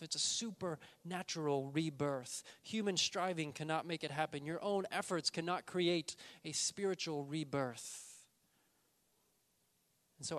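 A man preaching a sermon, emphatic, slowing down and stressing key words. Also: fairly high pitch, fairly bright tone. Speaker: pastor.

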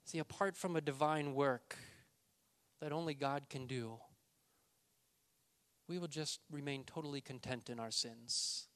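A man preaching a sermon, emphatic, slowing down and stressing key words. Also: mid-range voice, a bit bright. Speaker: pastor.

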